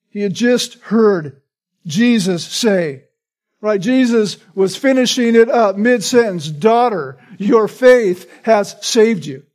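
A man's voice: sits high, a little mellow. A man preaching a sermon in an earnest, emphatic way, often checking in with "right?". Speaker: pastor.

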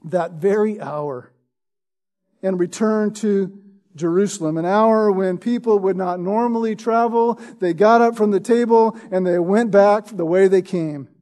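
A man's voice: high-pitched, measured pace, warm tone. A man preaching a sermon in an emphatic way, reading scripture and often asking "right?". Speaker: pastor.

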